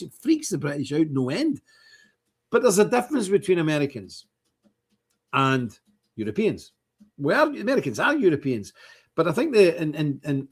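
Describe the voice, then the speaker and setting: An older man with an Ulster accent, hosting a livestream in rambling, opinionated casual chat, his voice jumping up when he gets animated. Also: medium pitch, husky. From Northern Ireland. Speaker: livestream host.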